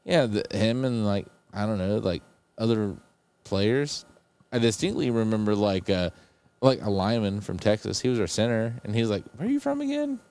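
A man's voice: lowish voice, normal speed, a little mellow, clear, resonant tone. A man from West Virginia co-hosting a podcast, chatting casually and rambling with lots of fillers and restarts. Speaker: podcast co-host. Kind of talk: casual chat.

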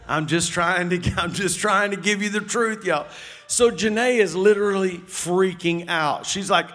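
A man, preaching and telling a lively personal story to his congregation. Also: high voice, fairly quick. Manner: animated storytelling, addresses the audience as y'all.

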